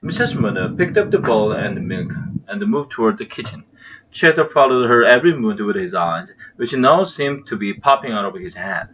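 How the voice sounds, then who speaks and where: A man's voice: medium pitch, expressive, brisk, fairly bright tone, a little hiss or hum. A man with a Korean accent and Korean as his first language, reading a children's novel aloud earnestly, with small slips and restarts. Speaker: English reading channel host. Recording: slightly muffled lo-fi recording.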